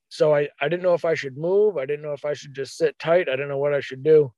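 A man telling a hunting story in a casual, animated way, acting out his own thoughts as quotes. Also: a little high, normal speed, no room sound, muffled recording.

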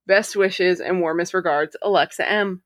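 A woman's voice: on the low side, steady tone, moderate pace, dry recording. A woman hosting a podcast, reading listener stories aloud in a casual way, swearing freely and laughing often. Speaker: podcast host.

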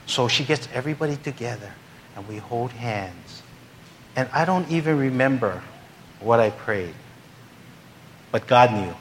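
A man's voice: mid-range voice, lively intonation, a little slow, long pauses, slight background noise. A male pastor telling a humorous story in a sermon, acting out the voices of the people in it. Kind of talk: sermon anecdote.

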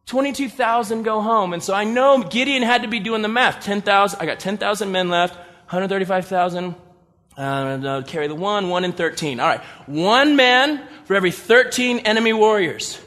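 Male pastor, high voice, funny and animated sermon, big reverberant hall. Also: normal speed. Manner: animated, humorous, incredulous asides. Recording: long reverb of a large hall.

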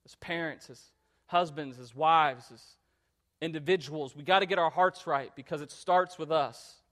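A man in his thirties preaching a sermon in an earnest, conversational way that climbs to loud emphatic passages. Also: fairly high pitch, moderate pace. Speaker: pastor.

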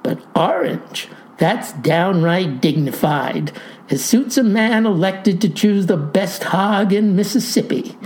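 A woman doing a sly older farmer, folksy and breezy, playing innocent in a storybook tale. He speaks slowly and with a lively swing in pitch, in a mellow voice. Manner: folksy, airy and innocent-sounding.

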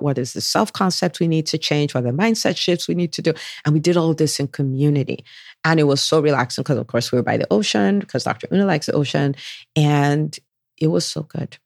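A woman physician hosts her podcast alone, speaking with warm, bubbling enthusiasm. She often lifts her pitch to imitate the people she quotes. The sound is close and dry, with no room around it. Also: vocal fry, no echo. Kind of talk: solo podcast monologue.

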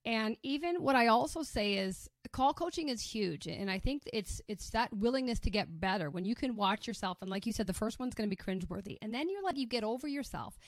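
A woman sales coach in a casual podcast conversation, talking in an animated, emphatic way with quick restarts. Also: on the high side, no echo, studio quality.

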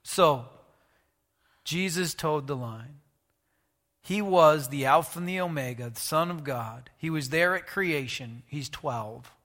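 A man preaching a sermon, animated, asking the congregation questions and moving between loud and hushed delivery. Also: on the high side, takes it slowly, big-room sound. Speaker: pastor.

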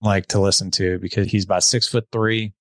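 Middle-aged man, low-ish voice, animated storyteller, dry close mic. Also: a little fast, no room sound. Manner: animated, acts out dialogue. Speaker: podcast guest. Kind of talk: storytelling in casual conversation.

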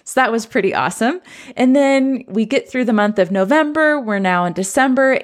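An earnest, reflective woman tells a story from her years as a teacher. Her voice sits at a middle pitch, and she talks in a personal podcast style. She now works as a coach. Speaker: former teacher turned coach and trainer.

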